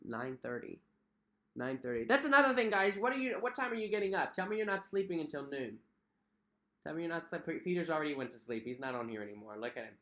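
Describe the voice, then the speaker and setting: A man's voice: a little high, pushed and bright. Chatty young man hosting a livestream. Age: young adult. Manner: chatty, friendly, repeats himself, frequent fillers. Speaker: cruise vlog host. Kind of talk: casual livestream chat reading viewer comments. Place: at home.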